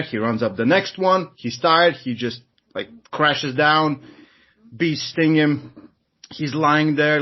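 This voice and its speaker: A man with a Latvian accent, a non-native speaker, telling a joke on a podcast, halting and searching for words. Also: fairly high pitch. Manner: halting, searches for words, laughs while talking. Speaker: strength coach, co-host. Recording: muffled video-call audio.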